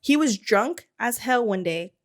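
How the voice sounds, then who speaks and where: A woman's voice: on the high side, animated, a little slow. A young woman co-hosting a casual chat, talking loosely with many fillers and restarts. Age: young adult. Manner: chatty, lots of "like" and restarts. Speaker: podcast co-host.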